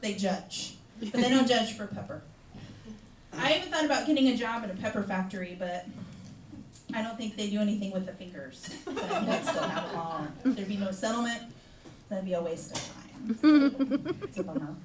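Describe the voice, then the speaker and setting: A woman's voice: mid-range voice, lively intonation, fairly quick. A middle-aged woman doing a stand-up comedy set at a bar open mic, wry and self-mocking. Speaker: stand-up comic. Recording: echoey room, crowd laughter.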